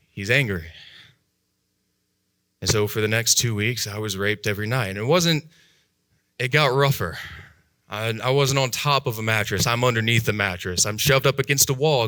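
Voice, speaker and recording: A man telling his own life story in a talk, animated, jumping high in pitch and dropping to hushed tones as he acts out voices. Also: normal speed, no room sound, clean studio sound. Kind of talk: dramatic personal storytelling talk.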